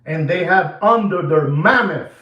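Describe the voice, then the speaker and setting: A man's voice: fairly high pitch, lively intonation, measured pace, a bit bright, highs cut off. A man hosting his own watch channel, ranting to viewers in an emphatic, repetitive way and addressing them directly. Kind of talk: animated ranting commentary. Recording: echoey room.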